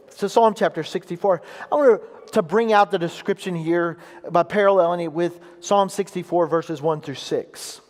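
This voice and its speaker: A man preaching a sermon in a church, reading scripture aloud and explaining it with emphatic, deliberate delivery. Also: high-pitched, a little mellow. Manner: emphatic preaching, reads scripture aloud with slow weighty pauses. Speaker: pastor. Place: church sanctuary. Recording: long hall reverb.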